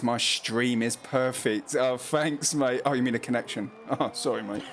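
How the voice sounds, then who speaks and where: Over slight background noise, a man with a medium-pitched voice commentates a sim race on his stream in a casual way. He reads chat messages aloud, laughs a lot, and can't quite pronounce his R's.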